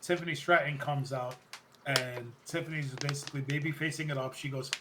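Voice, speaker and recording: A man's voice: medium pitch, fairly quick, noisy background. A man hosting a podcast, rambling through a wrestling recap and often correcting himself mid-sentence. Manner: rambling, self-correcting, excited recounting. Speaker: podcast host. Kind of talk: casual wrestling recap chat.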